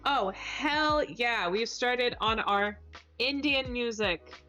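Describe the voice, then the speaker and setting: A woman's voice: fairly high pitch, takes it slowly, pushed and bright, faint music behind. Chatty woman streamer reading chat. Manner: chatty, reads chat aloud, stumbles over names. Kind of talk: casual live-stream chat.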